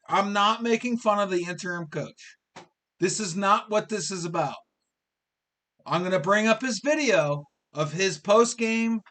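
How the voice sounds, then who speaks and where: A man's voice: sits high, pushed and bright. A man in his fifties hosting a live sports talk show, ranting in an exasperated way and repeating his questions. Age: 50s.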